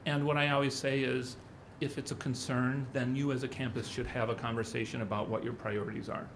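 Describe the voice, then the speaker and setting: A middle-aged man gives a conference talk, rambling through anecdotes and acting out what other people said. His mid-range voice is brisk with little pitch movement, and background noise is audible.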